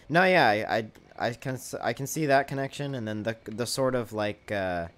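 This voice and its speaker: A man streaming his first playthrough of a video game, chatting casually, reading viewer messages aloud and thinking out loud with plenty of fillers. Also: mid-range voice, normal speed, few pauses, clean tone. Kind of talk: casual gameplay commentary.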